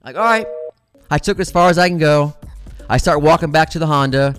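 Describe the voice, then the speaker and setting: A middle-aged man telling a story in a casual, animated way, swearing freely and calling his listeners guys. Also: on the high side, brisk, faint music behind.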